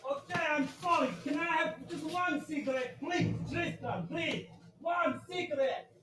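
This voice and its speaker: A man doing a shrill, pushy inmate. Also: expressive, measured pace. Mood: pleading. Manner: broken English, pushy then pleading. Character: poor male prison inmate begging cigarettes, boastful. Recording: far off in an echoey space, noisy.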